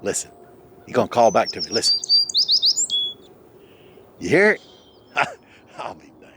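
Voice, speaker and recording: A man chatting casually on an outdoor vlog, hushing and coaxing while he walks and sits to listen for birds. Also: fairly low pitch, very animated, measured pace, heavy background noise. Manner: hushed, coaxing, folksy. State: a bit out of breath. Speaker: vlogger. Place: outdoors in woods.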